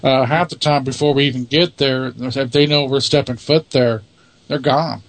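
A man speaks in a matter-of-fact, self-assured way, his voice sitting at an ordinary middle pitch. He answers interview questions as the leader of a paranormal investigation team. The recording is close and dry, with almost no room sound. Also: fairly even intonation, normal speed, dry recording.

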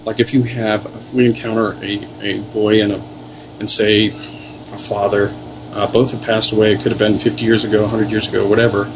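A man's voice: lowish voice, flat delivery, fairly quick, noisy background. A man, a paranormal investigator, telling earnest, rambling stories in a casual interview. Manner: earnest, rambling storyteller with many restarts.

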